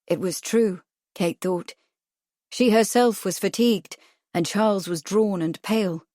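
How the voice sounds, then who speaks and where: A woman reading a novel aloud in an even, measured way. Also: on the low side, dry recording, studio quality. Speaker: audiobook narrator. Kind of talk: scripted narration.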